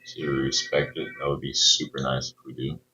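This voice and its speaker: Very deep gravelly man, casual trader chat. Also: flat delivery, a little fast, bright, forceful tone, lo-fi sound. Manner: laid-back, slangy, says "bro" and swears a lot. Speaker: day trader streaming his trades. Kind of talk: casual live commentary while trading.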